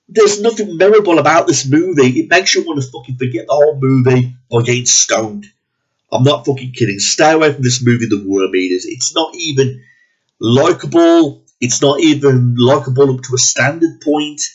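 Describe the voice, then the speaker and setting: A man's voice: medium pitch, normal speed, breathy edge. A man ranting bluntly and profanely in a movie review, sounding disgusted and exasperated. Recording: dull lo-fi recording.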